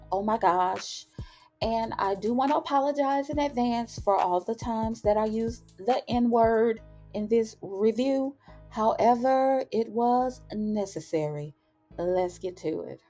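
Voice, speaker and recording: A woman hosting her own TV recap channel, telling the story in a casual, sassy and animated way. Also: a little high, slow, soft background music. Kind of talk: casual review vlog.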